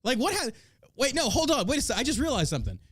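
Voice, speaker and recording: A man from the United States hosting a podcast, ranting in a crude, mocking, animated way about politics. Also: very high voice, fast talker, breathy edge, no echo, clean studio sound. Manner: animated, crude, mocking, puts on silly voices for others. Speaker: podcast host. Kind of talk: profane political podcast rant.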